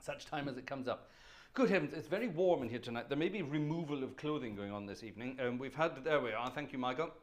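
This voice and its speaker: An organist hosts a live organ concert stream from a warm room at home, chatting casually in a genteel, slightly theatrical way. His mid-range voice has lively intonation and a quick pace.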